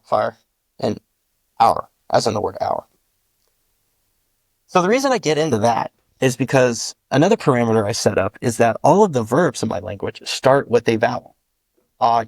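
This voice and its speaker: Male linguist guest, gravelly voice, dry close sound, walks through sounds one by one with examples. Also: mid-range voice, no room sound. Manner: methodical, spells out sounds with examples. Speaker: linguist guest explaining his constructed language. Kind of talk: patient step-by-step explanation.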